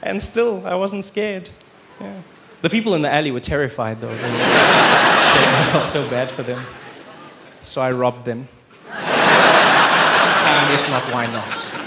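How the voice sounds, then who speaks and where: A South African man performing stand-up comedy on a theatre stage, with a deadpan, ironic delivery. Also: medium pitch, slow, pauses often, background noise. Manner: deadpan, ironic, with playful asides.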